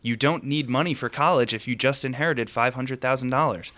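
A man's voice: medium pitch, a little fast, bright, forceful tone. A man co-hosting a finance podcast in casual chat, sarcastic and emphatic, laughing often. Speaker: podcast co-host, financial advisor.

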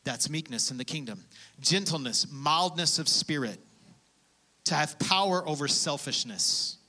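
A man preaching a sermon as pastor, animated and conversational, with laughs and acted-out prayers. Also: a little high, unhurried.

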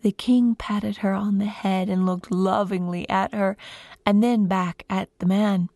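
A woman guest storyteller telling a folk tale to children in an expressive, lilting way, close to the mic. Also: mid-range voice, a little slow, no echo.

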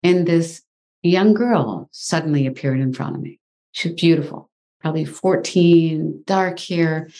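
A low-voiced woman, appearing as a guest in an interview, tells a personal story. She's animated and exclaims often.

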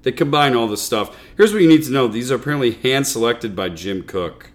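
Casual male podcast co-host, middle pitch, playful banter, laughs easily. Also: brisk. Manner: laughs often, animated, playful. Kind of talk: casual beer-tasting chat.

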